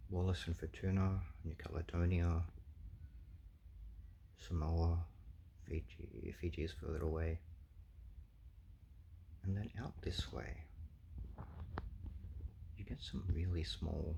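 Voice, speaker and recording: A man's voice: sits low, flat delivery, slow pace, vocal fry, long pauses, mellow, a little hiss or hum. A man thinking aloud through a language guessing game, explaining sounds with many ums and uhs. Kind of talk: casual explanatory commentary.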